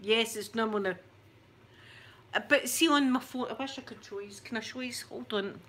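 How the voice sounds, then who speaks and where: A woman's voice: on the high side, moderate pace, fairly bright tone, a little hiss or hum. A woman in her forties with a thick Scottish accent, chatting to her camera in a rambling, self-mocking way. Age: 40s. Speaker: YouTuber.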